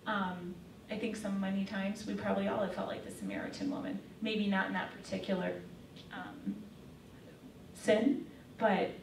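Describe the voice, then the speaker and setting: A woman's voice: mid-range voice, creaky, background noise. A woman giving a casual faith talk to young women, telling a story in a chatty way with lots of fillers. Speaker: speaker. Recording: echoey room, mic far off.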